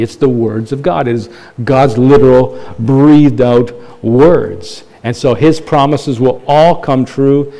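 A man's voice: mid-range voice, mellow. A man preaching a sermon from Canada, talking in a conversational way, asking rhetorical questions and pushing up his voice for emphasis. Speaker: pastor.

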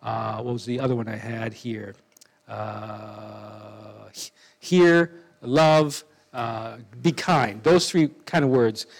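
A man's voice: medium pitch, slow, gravelly, poor audio. A man preaching a sermon in a conversational way, with asides and restarts.

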